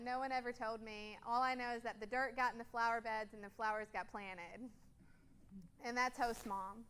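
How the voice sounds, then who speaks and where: High, smooth-voiced young woman speaker. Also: fairly even intonation, moderate pace, a bit bright. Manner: earnest, casual storytelling with frequent ums. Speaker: guest speaker. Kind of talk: personal story talk with photos. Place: church.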